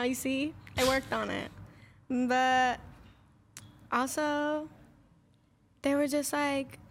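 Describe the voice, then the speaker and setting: A woman's voice: high voice, a bit bright. A young woman answering as a guest in a casual podcast interview, laid-back and slangy, swearing freely. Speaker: guest, rapper.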